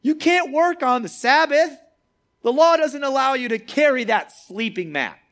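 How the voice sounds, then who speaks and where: A preacher putting on the voice of a pack of indignant religious leaders, shrill and scolding, much higher and louder than his own voice. The outbursts come in sharp, high bursts. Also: animated, moderate pace.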